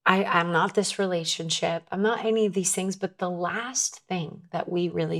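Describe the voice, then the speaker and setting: A woman's voice: on the low side, steady tone, moderate pace, hardly any pauses, a bit bright. A woman guest in a conversation, telling her personal story in an earnest, emotional way, often restarting her sentences. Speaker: podcast guest.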